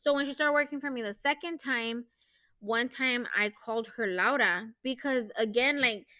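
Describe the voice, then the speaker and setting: A woman in her thirties, co-hosting a casual podcast chat, telling stories in an animated way and swearing freely. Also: a little high, moderate pace, no room sound. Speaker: podcast co-host.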